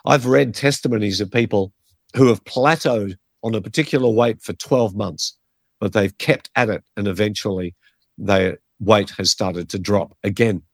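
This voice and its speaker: A man's voice: fairly low pitch, moderate pace, no room sound, clean studio sound. A man, a pastor teaching in a conversational, earnest way and giving numbered points. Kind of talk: podcast teaching on faith and health.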